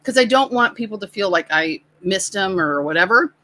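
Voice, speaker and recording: A middle-aged woman co-hosts a relaxed livestream chat, teasing her partner and laughing often. Her voice is bright and forward. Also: medium pitch, a little fast, rough recording. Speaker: co-host.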